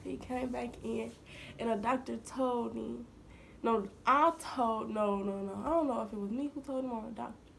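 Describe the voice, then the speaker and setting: A young woman vlogger casually telling a personal story to her viewers, chatty and talking straight to them, sometimes dropping into hushed asides. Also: a little high, steady tone, normal speed, vocal fry, a little hiss or hum.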